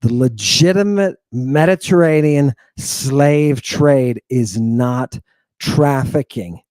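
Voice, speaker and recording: A man teaching an online lesson in an excitable, emphatic way, repeating phrases and swinging between loud outbursts and hushed asides. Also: mid-range voice, takes it slowly, no echo, clean studio sound. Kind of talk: animated online lecture.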